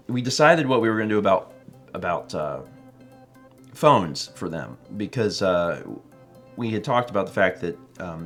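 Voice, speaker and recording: A man co-hosting a live stream, chatting casually and reading out viewer messages in an animated, playful way. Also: fairly low pitch. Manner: animated, playful, puts on silly voices when quoting. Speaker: co-host of a live stream show.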